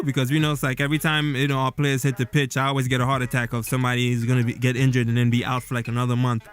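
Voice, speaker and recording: A man's voice: mid-range voice, fairly bright tone. A man giving casual solo football commentary as a vlog host, rambling loosely with fillers and restarts. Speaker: football vlogger.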